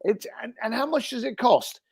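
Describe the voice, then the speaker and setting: A British man, a guest on an interview show, giving casual advice in an animated way and acting out what people might say. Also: very high voice, normal speed, vocal fry, husky, dry recording, clean studio sound. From Britain. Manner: animated, acts out quoted speech.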